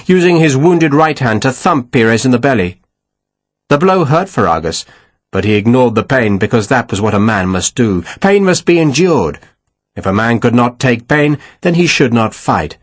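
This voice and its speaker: A man narrating a novel as an audiobook in an expressive storytelling manner. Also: medium pitch, no echo. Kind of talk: scripted narration.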